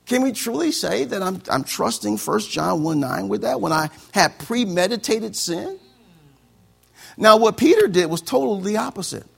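A man preaching a sermon as pastor, animated and acting out conversations. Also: high voice, normal speed, creaky, husky.

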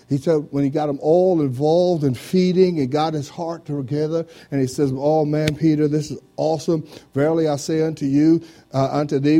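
A pastor preaching an interactive sermon, trading lines with a volunteer from the congregation, dropping "amen" and "praise the Lord" throughout, and reading scripture in a slow, drawn-out King James cadence. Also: on the high side, warm tone. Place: church.

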